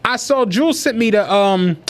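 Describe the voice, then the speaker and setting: Animated high-voiced male podcast storyteller. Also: normal speed. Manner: animated storyteller, heavy profanity, laughs through his stories. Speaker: podcast co-host. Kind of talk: casual podcast chat.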